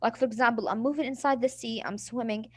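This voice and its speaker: High-voiced woman teaching English vocabulary. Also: fairly even intonation, fast talker. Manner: patient explaining, acts out examples. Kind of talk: classroom vocabulary lesson.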